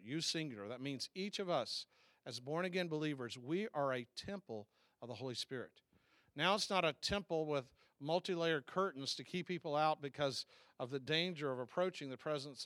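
A man preaches a sermon in an easy, conversational way, often asking questions of his listeners and restarting his thoughts. His voice sits a little high for a man. The sound is dry and close, with almost no room echo. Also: fairly bright tone. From American South. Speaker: pastor.

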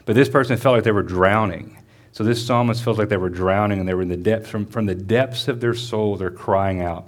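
A man preaching a sermon in a church as the pastor, reading scripture slowly and then explaining it in a conversational way. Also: on the low side.

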